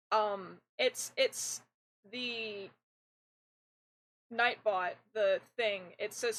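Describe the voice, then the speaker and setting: A young woman's medium-pitched, fairly androgynous voice comes through a desk mic as she streams a game. Animated and rambling, she restarts often while chatting casually with viewers. The recording is rough.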